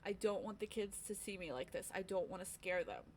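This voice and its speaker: A woman in her young adult years speaks candidly to a livestream audience, talking her story through in a plain conversational way. Her voice sits at a middle pitch and now and then she acts out her own thoughts. A faint hiss runs under the recording. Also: expressive, a little fast. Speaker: streamer.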